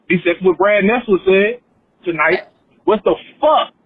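Male caller, high and husky voice, exasperated and swearing, tinny phone line. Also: lively intonation, moderate pace, no room sound. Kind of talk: angry voicemail rant.

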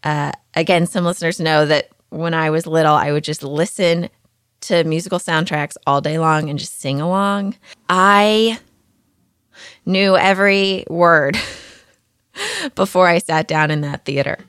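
Chatty podcast host woman, low and dry. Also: a little slow, fairly bright tone, clear, resonant tone, no echo. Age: adult mother. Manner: chatty, candid and self-deprecating. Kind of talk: casual podcast monologue.

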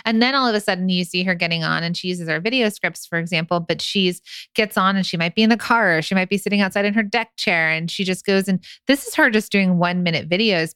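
A woman co-hosting a casual business podcast, animated and acting out example pitches. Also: smooth, no room sound. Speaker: podcast co-host.

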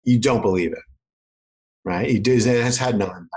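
A man's voice: fairly low pitch, a little fast, slightly rough, poor audio. A man from Canada with a faded Canadian accent, explaining marketing in a casual chat and acting out quoted voices. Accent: Canadian, mostly faded. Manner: animated, acts out quoted voices in his explanations.

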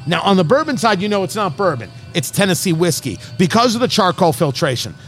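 High-pitched, quick-talking male podcast host. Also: faint music behind. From New Jersey, USA. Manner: quick, animated, jokey, talks over others. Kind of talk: casual chat.

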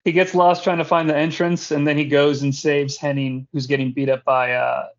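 A man hosting a casual podcast, recapping wrestling in an animated, joking way with casual swearing. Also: a little high, normal speed. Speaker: podcast host. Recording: dull lo-fi podcast audio.

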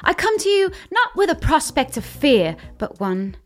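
A woman's voice: high voice, very animated, moderate pace, faint music behind, voice pushed up. A woman voicing a theatrical female charmer who speaks in a grand, flirtatious way.

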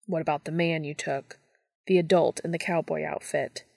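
A woman voicing a gruff, stubborn male monster hunter in a storybook reading. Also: sits low, steady tone, normal speed, darkish tone. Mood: tense.

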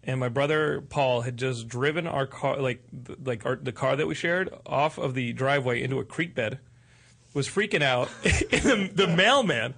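A man's voice: medium pitch, moderate pace, gravelly, fairly bright tone. A man from Texas hosting a casual interview, joking and rambling through stories with many restarts. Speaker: host.

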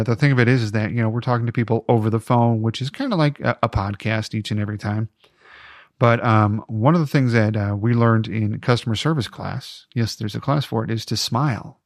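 A podcast host with a medium-pitched voice offers chatty, encouraging advice punctuated by jokey asides. The casual talk is a dry, studio-quality recording.

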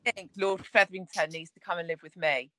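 A woman's voice: on the low side, fairly even intonation, fast talker, sharp tone, dry recording. Teasing woman, dry close sound. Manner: laughs often, teasing. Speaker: podcast co-host. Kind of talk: casual chat. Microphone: remote call.

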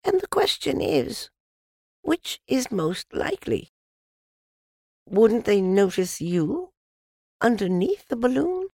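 A man voicing a gentle, slow-witted teddy bear in a storybook reading, with an earnest, musing manner. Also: high voice, big pitch swings, gravelly, dry recording, studio quality, voice pushed up, heavily acted. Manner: earnest, musing, drawn-out phrasing.

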